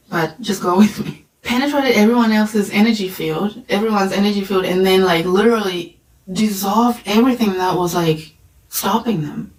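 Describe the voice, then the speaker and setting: Chatty woman telling a story in an echoey room. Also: lowish voice. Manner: chatty, frequent "like" and "right?" fillers. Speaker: spiritual reader and channeler. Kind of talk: casual storytelling monologue.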